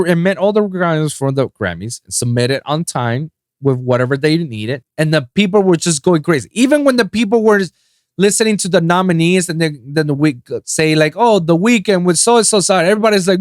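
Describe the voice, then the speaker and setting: Male podcast host from Puerto Rico, solo rant, lively swooping pitch, dry close sound. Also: dry recording. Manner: animated, profane, swings between loud outbursts and low mutters.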